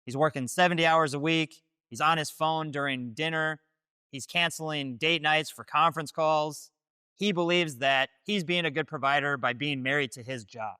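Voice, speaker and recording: A man's voice: a little high, moderate pace, pushed and bright, smooth, dry recording, studio quality. A man hosting, delivering scripted dating-advice commentary in a direct, declarative way. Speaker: host.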